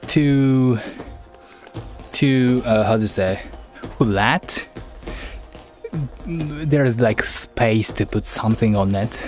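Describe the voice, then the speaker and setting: A man chatting casually on a livestream, halting and repeating words as he teases his chat playfully. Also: lowish voice, darkish tone. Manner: playful teasing.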